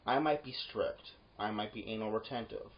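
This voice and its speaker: A security guard telling a workplace story in a casual monologue. The voice swings up when heated and drops low for asides. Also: normal speed, highs cut off. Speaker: yard gate security guard.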